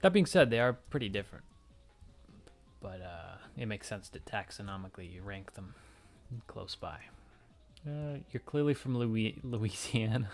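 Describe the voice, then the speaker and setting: A man's voice: lowish voice, lively intonation, unhurried. A young man from Ontario, Canada, streaming and chatting casually with viewers, rambling and joking as he answers questions. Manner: rambling, self-interrupting, joking with chat. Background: faint music.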